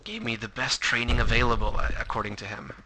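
A man's voice: mid-range voice, steady tone, fast talker, background noise. A man commentating a game playthrough, reading on-screen text aloud and adding wry asides. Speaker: let's play commentator. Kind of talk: gameplay commentary.

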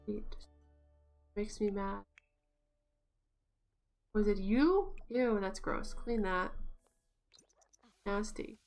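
A woman's voice: mid-range voice, drawn-out words, vocal fry, pauses often, a little mellow, soft background music. A woman streaming a life-sim game, talking casually and exclaiming and laughing often at what happens on screen. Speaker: gaming streamer. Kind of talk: casual live-stream commentary.

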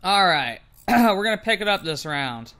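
A man's voice: high voice, very animated, moderate pace, pushed and bright, a little hiss or hum. A young man giving gameplay commentary, ranting and swearing in frustration. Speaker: gamer. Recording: game gunfire under the voice.

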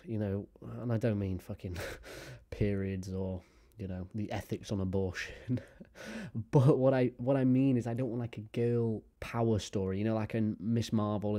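A man's voice: fairly low pitch, dark tone. A young man talking casually about video games, rambling with lots of fillers and frequent swearing. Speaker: gaming YouTuber. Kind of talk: casual chat to camera.

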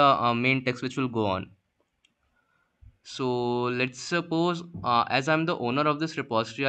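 A man's voice: mid-range voice, pushed and bright. A young man explaining a coding topic step by step in a screen-recorded tutorial, with frequent fillers. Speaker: workshop instructor.

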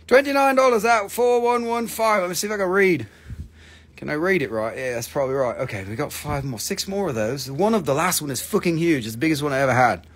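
A man's voice: fairly high pitch, animated, fast. A man hosting a live crystal sale, chatting casually, joking around and swearing freely. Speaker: host selling crystals on a live stream. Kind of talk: casual live-stream sales chat.

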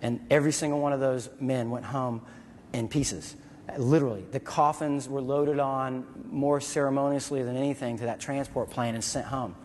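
Animated male storyteller in a big hall. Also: medium pitch, normal speed, slight background noise. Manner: vivid, animated, acts out sounds and voices. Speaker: veteran speaker. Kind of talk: storytelling speech. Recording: hall reverb.

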